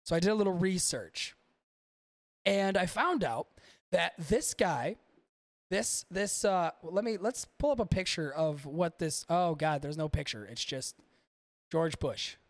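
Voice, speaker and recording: Creaky high-voiced profane podcast man. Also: lively intonation, a little slow, no room sound. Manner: profane, rambling, talks to chat. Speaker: podcast host. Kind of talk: casual livestream chat.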